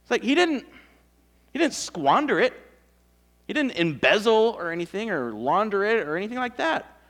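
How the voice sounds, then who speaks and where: A man preaching a sermon in a conversational, animated storytelling way, full of asides. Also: high voice, moderate pace. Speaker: pastor.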